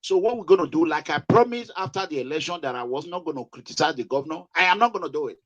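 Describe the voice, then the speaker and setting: A man's voice: a little high, animated, very fast, fairly bright tone, muffled recording. A man with a Nigerian accent hosting an online talk for an activist group, hesitant and full of "uh" fillers. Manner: hesitant, heavy use of "uh" fillers.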